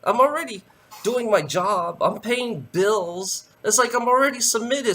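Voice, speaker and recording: Heated, profane man ranting, lively pitch. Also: measured pace. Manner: heated, profane, repeats "you know" often. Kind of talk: ranting monologue to camera.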